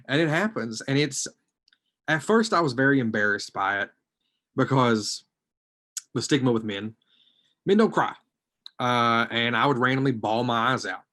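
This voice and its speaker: His voice is medium in pitch with lively intonation and a moderate pace as he gives personal testimony on an online panel of social work students. He comes across as hesitant and reflective, often trailing off quietly.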